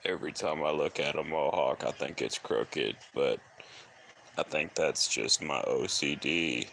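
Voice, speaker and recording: A man livestreaming alone in casual, rambling chat, talking in heavy vocal fry while he fixes his hair. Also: rumbling low, unhurried, fairly bright tone, a little hiss or hum, rough recording. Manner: rambling, offhand, musing aloud. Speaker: live streamer.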